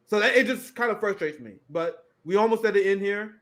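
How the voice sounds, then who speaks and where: Man, 30s, political co-host; sarcastic, profane, high-ish voice. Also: fairly quick, fairly bright tone. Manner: sardonic, reads headlines and mocks them. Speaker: podcast co-host. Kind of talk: casual political commentary.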